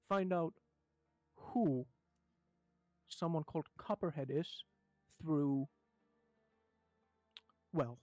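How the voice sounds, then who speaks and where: A man's voice: fairly high pitch, a little mellow, no echo. A man playing a tabletop game in character as a smug, commanding boss. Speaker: player.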